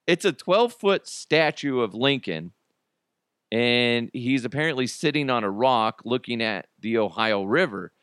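A man's voice: mid-range voice, lively intonation, unhurried, fairly bright tone, smooth, dry recording, studio quality. A man hosting a podcast in a casual comedic monologue, joking and often laughing. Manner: jokey, laughs often, restarts. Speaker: podcast host.

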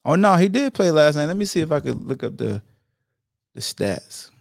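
Animated man trash-talking on a podcast. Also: a little high, moderate pace, creaky, no room sound, clean studio sound. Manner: animated trash talk, playful and loose. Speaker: podcast host. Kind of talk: casual sports talk.

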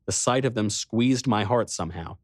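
A man reading a first-person adventure story aloud with expressive storytelling. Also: lowish voice, normal speed, no room sound, clean studio sound. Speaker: narrator. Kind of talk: first-person audiobook narration.

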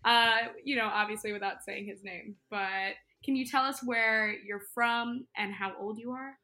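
A woman's voice: mid-range voice, steady tone, normal speed, sharp tone. A woman hosting a casual podcast chat, teasing her guest with a giggly manner. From New York. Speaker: podcast host.

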